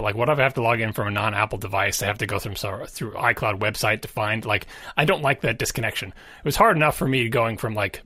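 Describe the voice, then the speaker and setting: A man co-hosting a podcast, talking casually about tech, emphatic, with his pitch jumping up on stressed words. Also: bright, forceful tone, dry recording, studio quality. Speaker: podcast co-host.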